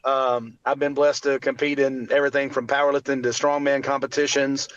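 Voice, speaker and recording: A man's voice: mid-range voice, flat delivery, a little fast, smooth, lo-fi sound. A man in his forties, a guest telling his personal story earnestly, with faith woven in and other people's words acted out. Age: 40s. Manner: earnest, faith-filled, acts out quotes of others.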